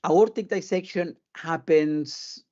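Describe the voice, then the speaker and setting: A man's voice: fairly high pitch, slow, mellow, lo-fi sound. A male surgeon with a South American and British accent, explaining things in a live Q&A while often repeating words as he searches for them. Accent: South American mixed with British. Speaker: cardiac surgeon guest. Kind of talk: live Q&A interview.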